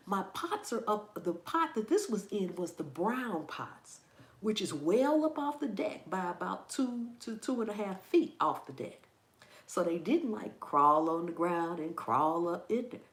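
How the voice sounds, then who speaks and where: Lively woman telling a story, echoey room. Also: mid-range voice, unhurried. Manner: animated storytelling, laughing, exclaiming. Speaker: gardening channel host. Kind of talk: casual chat with viewers.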